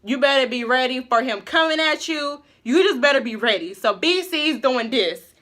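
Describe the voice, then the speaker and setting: Bright, high-voiced young woman telling a story. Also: normal speed. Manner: chatty, filler-heavy storytelling, slangy and animated. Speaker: vlogger. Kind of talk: casual storytime.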